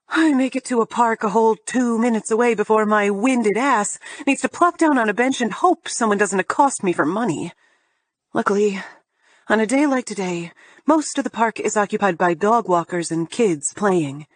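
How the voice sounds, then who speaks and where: A woman's voice: mid-range voice, normal speed, dry recording. A woman narrating a first-person romance audiobook in a sardonic, profane, emphatic way.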